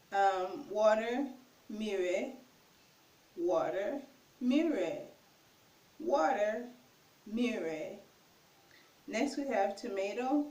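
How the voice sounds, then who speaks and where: A woman teaching a casual vocabulary lesson, repeating each word slowly and carefully, and unsure of a few pronunciations. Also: mid-range voice, a little mellow. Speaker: language tutor. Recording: echoey room, far from mic.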